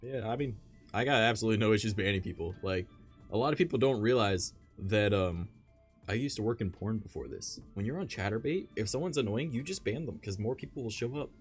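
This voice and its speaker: A man's voice: fairly low pitch, expressive, fairly quick, faint music behind. A man in his twenties, streaming and chatting casually, blunt and profane, laughing often. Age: 20s. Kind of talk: casual chat on a live stream.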